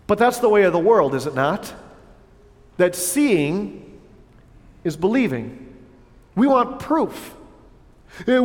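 A man's voice: extremely high pitch, in a large hall. A man preaching a sermon as a pastor, earnest, asking rhetorical questions and acting out the voices of people he quotes.

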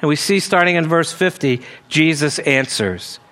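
A man's voice: fairly high pitch, expressive, normal speed, fairly bright tone. A man preaching a sermon, earnestly teaching through a Bible passage verse by verse, with conversational asides.

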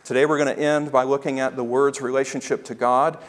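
A man preaching a sermon as pastor, emphatic and slowing down to stress key phrases. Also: medium pitch, little pitch movement, big-room sound.

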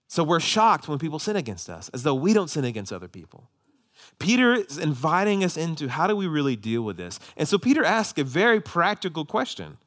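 A pastor delivers a sermon in a church, building from relaxed anecdotes into emphatic teaching. His voice sits a little higher than most men's. He speaks with conversational ease, leaning into rising emphasis as his points land. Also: fast talker. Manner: prayer turning to lively storytelling sermon. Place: church sanctuary.

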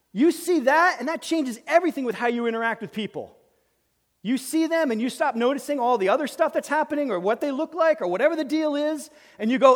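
A man with a high voice preaches a sermon, emphatic and swinging between loud exclamations and hushed asides. His voice rings out with a long reverb, as if filling a large hall. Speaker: pastor.

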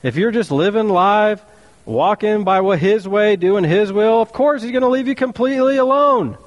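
High-voiced animated preacher. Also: male voice, normal speed, long reverb tail, muffled recording. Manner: animated, rhetorical questions, playful asides. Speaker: pastor. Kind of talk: sermon.

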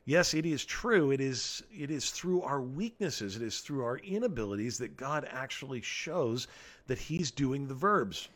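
A man preaches a sermon, reading scripture aloud and explaining it earnestly and emphatically, often repeating key phrases. His mid-range voice is animated, a little slow, and fairly bright in tone.

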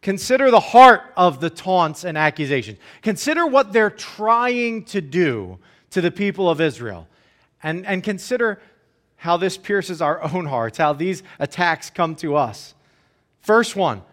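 Sitting high and a bit bright, this pastor's voice is very animated yet unhurried as he preaches. His sermon feels conversational, sprinkled with checks of "right?" and brief moments where he acts out the jeers of the enemies.

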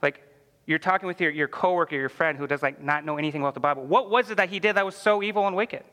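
Bright-voiced man teaching a Bible class. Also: a little high, fast, long reverb tail. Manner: conversational, frequent "like" fillers, asks the class questions.

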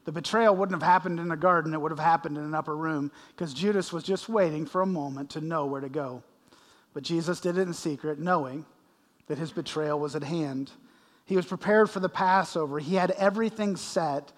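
Male preacher, higher voice, verse-by-verse sermon, long reverb of a church hall. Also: brisk. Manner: expository preaching with dramatic readings of scripture. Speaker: pastor.

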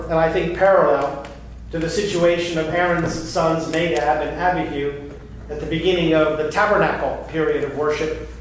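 A man preaching a sermon from the pulpit in a church, with measured, emphatic phrasing and deliberate pauses. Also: high-pitched. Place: church sanctuary. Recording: echoey hall from far off, faint hiss.

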